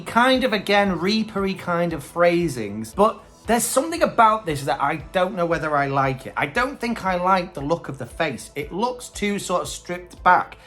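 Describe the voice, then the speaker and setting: A man's voice: high voice, a bit bright. A man hosting a casual video review, chatting with hesitant opinions. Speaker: host.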